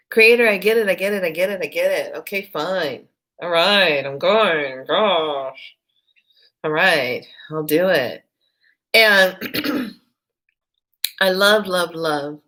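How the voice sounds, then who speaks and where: A woman giving a casual spiritual talk to camera, telling a story and quoting herself and others in lively bursts between slow, reflective stretches. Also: sits low. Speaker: spiritual vlogger.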